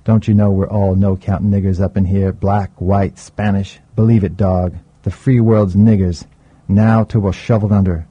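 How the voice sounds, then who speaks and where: A graying streetwise older man, voiced by a male reader, with a low, dark voice and a husky edge. He talks in a laid-back drawl, easygoing and teasing, and the audio sounds dull and lo-fi. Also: flat delivery, moderate pace, dry recording.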